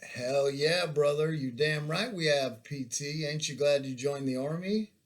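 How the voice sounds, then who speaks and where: A man voicing a brash, crude young army soldier with a thick Virginian drawl, loud and gruff. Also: medium pitch, takes it slowly, voice pushed up, close to an everyday voice. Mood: rousing.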